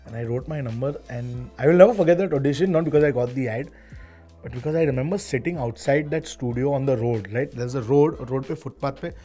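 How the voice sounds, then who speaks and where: A man in his thirties with an Indian English accent, an ad director chatting in an interview, who tells stories with animated asides and slips into Hindi phrases. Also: mid-range voice, fast, faint music behind. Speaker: interview guest, ad director and actor. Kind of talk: casual interview chat.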